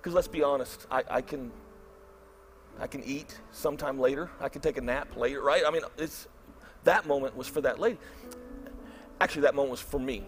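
A middle-aged man, preaching a storytelling sermon in an animated way and acting out his own thoughts. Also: medium pitch, fairly quick, long pauses, soft background music. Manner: animated, acts out his own inner voice loudly. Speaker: pastor.

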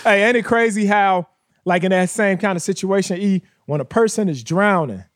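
A man's voice: high voice, moderate pace. A man co-hosting a podcast in casual chat, speaking passionately and addressing listeners directly in a motivational way. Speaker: podcast co-host.

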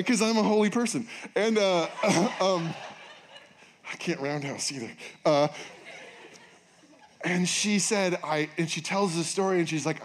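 A male pastor preaching a sermon in a casual, joking way, acting out quotes with bursts of excitement. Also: high-pitched, unhurried, pauses often, a little hiss or hum. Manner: animated, jokey, acts out quotes in raised voice. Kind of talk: sermon with storytelling.

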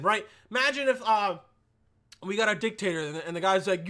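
A man's voice: high voice, fast, pushed and bright. A young man ranting casually and profanely, stumbling over repeated words and checking "all right?" after every point. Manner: stumbling repetitions.

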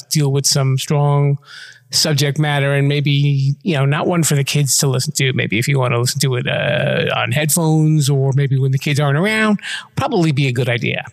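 A man's voice: mid-range voice, big-room sound. A man hosting a podcast, chatty, with playful asides. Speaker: podcast host. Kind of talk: casual interview chat.

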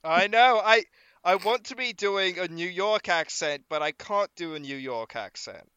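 A playful man trades jokes on a casual film podcast, his voice high and bright. The sound is clean and smooth, close and dry in the mic. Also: animated, a little slow, no echo, dull audio. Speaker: podcast co-host.

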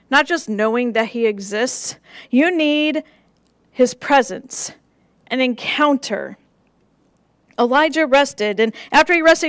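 A woman pastor delivering a sermon in a gentle, measured way, with rhythmic repeated phrases and soft drops for emphasis. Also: sits high, clear, resonant tone, dry recording.

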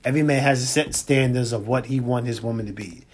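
A man co-hosting a podcast in casual chat, slangy and laid-back, repeating points slowly for emphasis. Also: medium pitch, slightly rough. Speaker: podcast co-host.

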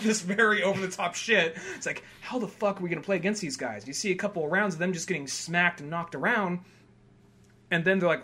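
A young man hosting a podcast, chatting casually about a film, rambling with lots of fillers and loudly acting out quotes. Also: high-pitched, brisk. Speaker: podcast host. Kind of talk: casual film review chat.

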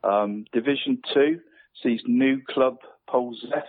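A man phones into a radio sports show with his league round-up, stumbling and repeating words as he goes. His voice sits at an ordinary middle pitch and comes through a thin, tinny phone line. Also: slow. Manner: hesitant, repeats words, says "mate" constantly. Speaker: football league pundit.

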